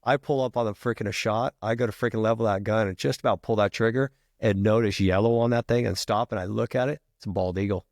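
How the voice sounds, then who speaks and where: A middle-aged retired firefighter telling a long story as a podcast guest, casual and profane, peppering every sentence with "freaking". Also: male voice, lowish voice, steady tone, fast talker, few pauses, a little mellow, dry recording, studio quality.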